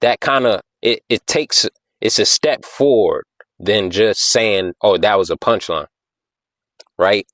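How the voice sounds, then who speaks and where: A man's voice: fairly low pitch, takes it slowly, fairly bright tone, no room sound. A man hosting a podcast, talking casually and explaining things, often repeating himself and asking "you know what I'm saying?". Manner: taps out rhythms with "da da da". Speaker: podcast host.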